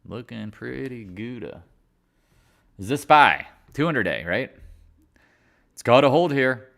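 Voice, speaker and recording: A man's voice: medium pitch, big pitch swings, slow pace, gravelly, fairly bright tone. Rambling, joking man on a market stream. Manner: joking, rambling, laughs at own jokes; sings and mimics other traders in silly voices. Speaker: market chat host. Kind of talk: casual live-stream market commentary.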